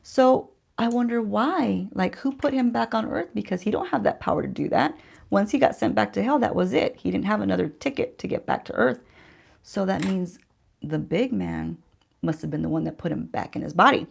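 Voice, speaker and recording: Gravelly, chatty woman vlogger. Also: medium pitch, big pitch swings, normal speed. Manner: chatty, addresses viewers directly, rhetorical questions. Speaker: beauty vlogger. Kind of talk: casual storytime chat while doing makeup. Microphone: handheld-range mic while holding a mirror.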